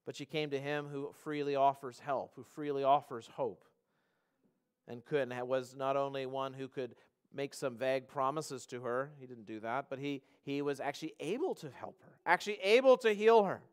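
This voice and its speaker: A male pastor giving a church sermon, earnest, often restarting phrases and slowing down to stress a point. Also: mid-range voice, clean tone. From Canada. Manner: earnest, repeats words and restarts phrases, slows for emphasis.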